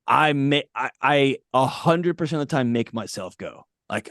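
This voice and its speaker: A man's voice: mid-range voice, expressive, moderate pace, hardly any pauses, no room sound, studio quality. A man talking as a podcast guest, giving blunt, emphatic advice in a casual way. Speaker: podcast guest, mental health author.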